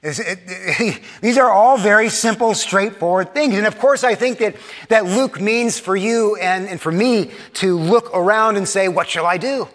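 A man's voice: high voice, moderate pace, fairly bright tone, big-room sound. Chuckling, conversational male pastor. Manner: conversational and self-deprecating, frequent restarts and chuckles. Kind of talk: sermon.

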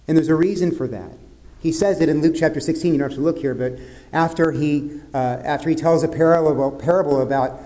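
A man preaching a sermon as pastor, in an earnest way that drops to soft, grave tones. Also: a little high, fairly even intonation, brisk.

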